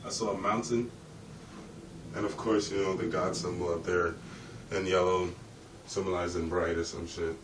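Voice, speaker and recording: A man's voice: low voice, flat delivery, normal speed, pauses often, recorded from a distance. A man talks in a loose, profane, streetwise ramble straight to his own camera. He sits well back from the mic, and his voice rings in a roomy space. A faint hum of ambience runs underneath. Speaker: vlogger. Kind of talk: rambling vlog monologue.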